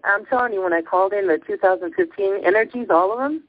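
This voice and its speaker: A woman's voice: mid-range voice, a little fast, few pauses, no room sound. A woman hosting a spiritual call-in show and guiding listeners, talking in an effusive way with laughs and exclamations. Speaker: host. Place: teleconference call. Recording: dull lo-fi call recording.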